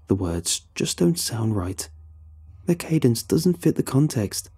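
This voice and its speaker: A man narrating a scripted horror story in a steady, suspenseful manner. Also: mid-range voice, takes it slowly, slightly rough. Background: faint background music.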